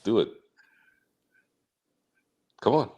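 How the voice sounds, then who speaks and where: A man's voice: extremely slow, warm tone, a little hiss or hum. A man trading teasing insults with his co-host on a casual sports podcast. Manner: needling, trash-talking, laughing.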